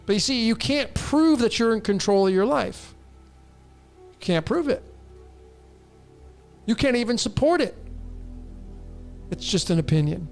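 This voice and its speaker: A man with a high, gravelly voice speaks to his listeners in a blunt, insistent way and presses every point home. He answers viewer questions about numerology in a long monologue. Faint music plays behind him. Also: expressive, measured pace, long pauses. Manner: blunt, emphatic, addresses listeners directly.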